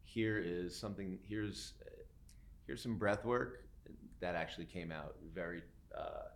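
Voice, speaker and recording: A man's voice: low-pitched, measured pace. A man hosting a casual interview, asking long rambling questions and acting out little scenes. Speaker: podcast host.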